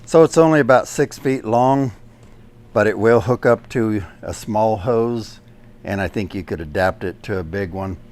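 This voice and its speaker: A man's voice: lowish voice, moderate pace, a little mellow. A man demonstrating a drywall sander indoors, casually walking through practical, step-by-step pointers as a DIY YouTuber.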